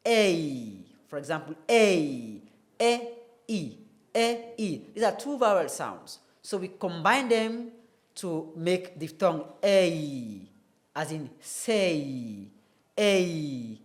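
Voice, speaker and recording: Slow, deliberate male English tutor. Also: a little high. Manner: slow, deliberate, repeats sounds to demonstrate them. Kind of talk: TV phonetics lesson.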